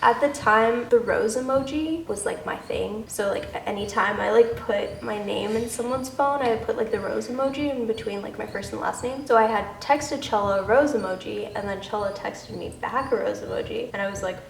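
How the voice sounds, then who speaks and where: A woman's voice: mid-range voice, a little fast, creaky, few pauses, a little hiss or hum. A young woman chatting casually as co-host, giggling often and filling her talk with "like". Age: young adult. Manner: giggly, uses "like" a lot. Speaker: co-host telling a couple's story. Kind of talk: casual chat. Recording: echoey room.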